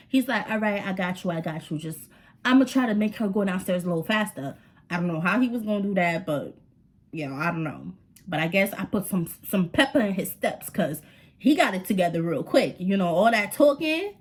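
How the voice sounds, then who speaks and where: A young woman telling a dramatic story to her viewers in a chatty, slangy way. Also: mid-range voice. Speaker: storytime vlogger. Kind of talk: casual storytelling to camera.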